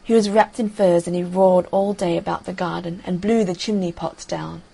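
A woman reads a classic fairy tale aloud in a calm, measured way. Her voice sits a little low, with a gravelly fry and a husky, breathy grain. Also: rough recording. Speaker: narrator. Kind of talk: audiobook reading of a fairy tale.

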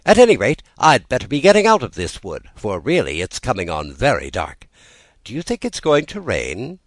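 A man voicing a polite, earnest young girl from a storybook, pitching his voice high and careful. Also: huge pitch swings, moderate pace, no echo, exaggerated voice.

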